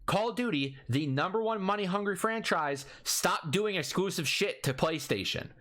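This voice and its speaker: A young man co-hosting a podcast, ranting angrily and cursing a lot in casual chat. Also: high-pitched. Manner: angry profane rant, fast and animated. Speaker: podcast co-host.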